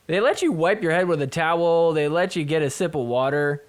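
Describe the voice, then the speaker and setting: High-voiced man hyping up match clips. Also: fairly quick. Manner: excitable, joking, swears freely. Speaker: podcast host. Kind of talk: recap commentary over match clips.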